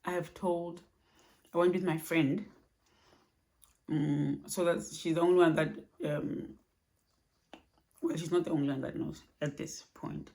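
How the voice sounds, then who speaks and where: A woman speaking softly and haltingly in a personal vlog recorded at home at night, low on energy. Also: steady tone, gravelly. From Australia. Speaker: vlogger.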